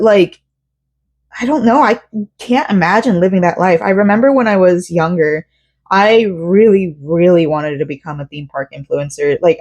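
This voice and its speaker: A woman's voice: lowish voice, a little mellow. A young woman from Central Florida, talking emotionally and rambling with many fillers in a personal vlog. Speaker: vlogger.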